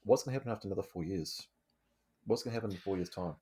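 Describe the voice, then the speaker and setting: A man's voice: low-pitched, very fast, dark tone, breathy edge. A man co-hosting a podcast, talking in an earnest, thoughtful way with casual swearing. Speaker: podcast co-host. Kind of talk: casual chat.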